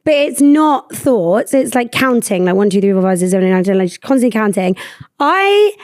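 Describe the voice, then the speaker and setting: A young woman hosting a podcast, talking in a rambling, animated way and swearing freely. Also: on the high side, a little fast, no echo, clean studio sound. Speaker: podcast host. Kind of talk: casual chat.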